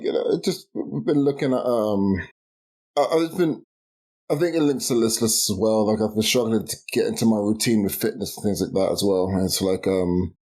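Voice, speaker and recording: A British podcast co-host in his twenties rants in exasperation during a casual chat, restarting often and laughing along the way. His voice is fairly low and darkish.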